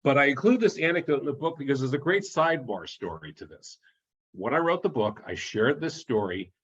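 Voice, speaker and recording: A man's voice: medium pitch, a bit bright, breathy edge, muffled recording. A man giving an online talk as an author, telling anecdotes in a chatty way, often restarting and chuckling at his own stories.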